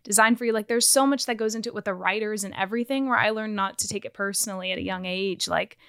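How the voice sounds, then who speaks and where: A woman's voice: mid-range voice, quick pace, fairly bright tone, smooth, no echo, studio quality. A young adult woman, an actress and former dancer, chatting casually as a podcast guest, filling her talk with "like". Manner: chatty, peppered with "like". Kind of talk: casual interview chat.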